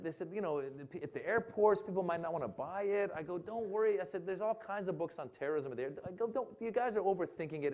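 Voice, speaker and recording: A comedian telling a funny story on stage to a live audience, acting out the lines of other people and laughing often. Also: male voice, a little high. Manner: animated, acts out dialogue, laughs often. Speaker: comedian guest.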